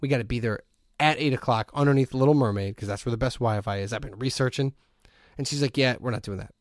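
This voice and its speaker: A man hosting a podcast, telling a long story in a casual, animated way and often breaking into laughter. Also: mid-range voice, fast, dry recording, clean studio sound. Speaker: podcast host.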